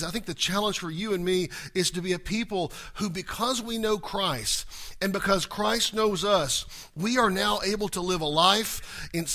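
A man preaching a sermon, asking rhetorical questions and swinging between hushed lows and loud emphatic peaks. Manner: frequent restarts and stumbles while explaining. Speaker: pastor.

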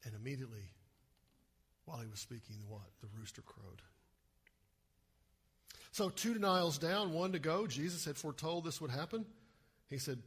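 Male pastor, husky voice, animated sermon, rhetorical questions. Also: mid-range voice, normal speed.

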